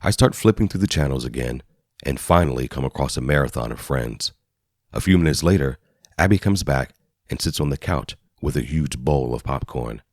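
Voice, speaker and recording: A man narrating an audiobook in the first person, in an even, measured storytelling manner. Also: rumbling low, no echo. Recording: dry studio voice-over.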